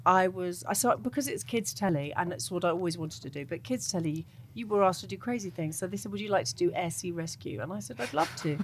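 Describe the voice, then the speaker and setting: A woman's voice: medium pitch, slight background noise. A woman TV presenter telling a wild story in casual chat, acting it out, laughing and tearful. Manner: excitable storyteller, acts out scenes, laughs and cries while telling. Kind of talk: animated anecdote in casual chat.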